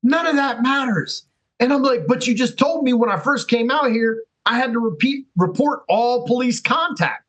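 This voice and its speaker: Podcast guest: high-pitched man, animated storyteller who acts out the people he quotes. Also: normal speed, few pauses, rough recording. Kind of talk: casual storytelling.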